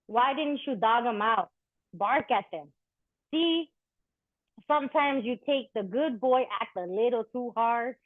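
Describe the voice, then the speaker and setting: A woman's voice: a little high, animated, unhurried, no room sound. A woman performing spoken-word poetry and chatting candidly between poems at a live poetry event, swearing freely. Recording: thin phone-like dry recording.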